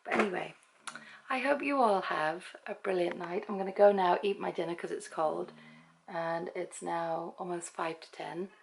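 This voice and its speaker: A woman's voice: on the low side, normal speed, gravelly, slight background noise, low-quality recording. A middle-aged woman from England, chatting and rambling in a casual home vlog at night, laughing easily. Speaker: vlogger. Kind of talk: casual vlog chat to camera.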